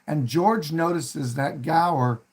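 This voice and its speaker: A man with a slightly higher-than-usual voice talks through a favorite film at an easy, rambling pace. He stops often with fillers and restarts his sentences. When he quotes the characters, he raises his voice to act out their lines. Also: slow pace, breathy edge. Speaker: host. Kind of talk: casual film discussion.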